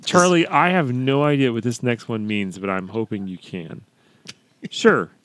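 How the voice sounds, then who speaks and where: A man's voice: medium pitch, moderate pace, a bit bright, no room sound. A man hosting a casual chat, reading out statements for the table to argue about. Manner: reads out statements, teasing. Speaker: podcast host reading prompts.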